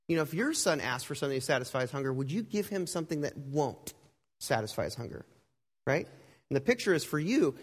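A male pastor telling a story in a sermon, in a conversational way, acting out the voices he quotes and swinging between loud and hushed. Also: on the high side, breathy edge. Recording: long hall reverb.

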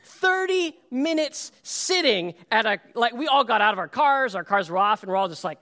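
A man's voice: high-pitched, moderate pace, hardly any pauses. A middle-aged man preaching a sermon, telling stories and acting out quotes with laughter. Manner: storytelling, animated, acts out quotes with laughs. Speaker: pastor.

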